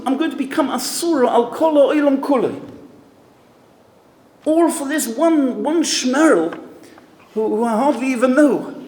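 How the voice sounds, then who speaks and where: A man's voice: very high-pitched, a little mellow, voice pushed up. A man voicing a tearful young bride on her wedding day, who sounds distraught and pleading. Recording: echoey hall with long reverb.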